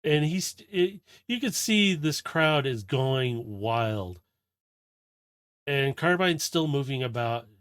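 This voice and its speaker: A man's voice: mid-range voice, lively intonation, slow, fairly bright tone, clean tone, no room sound. A man running a tabletop game as game master, narrating scenes in a loose, rambling way. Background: faint fight music.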